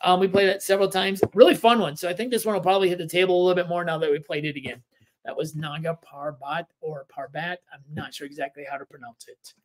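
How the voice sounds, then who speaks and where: Man, fairly high pitch, casual board game co-host, easygoing rambly explainer. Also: fast. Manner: relaxed, rambling explanations with fillers. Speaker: podcast co-host.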